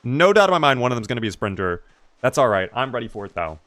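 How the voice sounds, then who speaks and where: A male streamer talks through his game in a relaxed, chatty way. His pitch sits in the middle of the range but jumps upward when something excites him. He keeps up an easy flow of casual talk while answering chat. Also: quick pace, dry recording. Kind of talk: casual live-stream gaming commentary.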